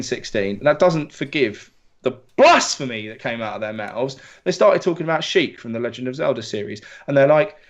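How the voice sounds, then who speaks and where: A man from England telling stories in a casual podcast chat, sweary and animated. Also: medium pitch. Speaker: podcast co-host. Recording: dull lo-fi audio.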